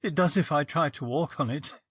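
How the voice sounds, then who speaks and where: A man reading a story aloud, voicing a distressed young policeman who talks tearfully and haltingly. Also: a little high, breathy edge, no room sound, clean studio sound.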